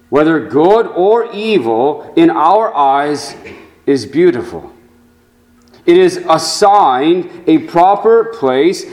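A man preaching a sermon to his congregation, slow and measured, with deliberate pauses. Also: fairly high pitch, a little mellow, low-quality recording. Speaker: pastor.

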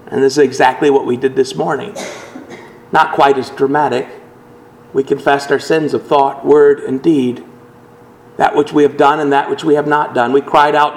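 A man's voice: mid-range voice, steady tone, moderate pace, poor audio. A male pastor delivering an earnest sermon, voicing scripture quotations with dramatic emphasis.

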